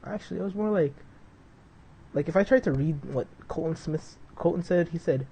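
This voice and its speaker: A man's voice: fairly high pitch, moderate pace, vocal fry, warm tone, husky, low-quality recording. A young man streaming a flight simulator, chatting to viewers in a loose, rambling way full of "dude" and "like", between flight checks. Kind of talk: casual live-stream chat.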